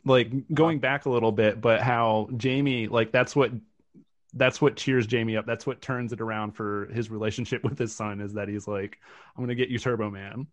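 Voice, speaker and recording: A man guesting on a casual movie podcast, talking in a relaxed way and laughing often. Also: on the low side, moderate pace. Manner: laid-back, laughing, trailing off softly.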